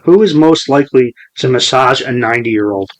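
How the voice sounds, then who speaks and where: The audio is poor as a man in his forties, hosting a podcast, chats casually. Speaking at normal speed in a mid-range voice, he tells a profane, meandering story that keeps restarting.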